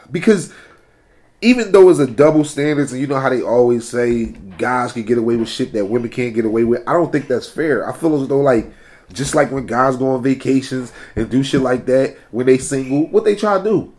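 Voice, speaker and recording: A man's voice: mid-range voice, a little fast, a little mellow. A young man arguing his point in a casual podcast chat, full of "like" and swearing. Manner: argumentative, hedging with "like".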